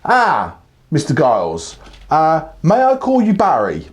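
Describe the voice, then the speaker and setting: A high, formal call-centre man on the line, clipped and persistent, as a storyteller puts him on. He keeps pressing politely, with his pitch rising above the teller's usual voice. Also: wildly swooping pitch, unhurried. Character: polite insistent male call-centre caller.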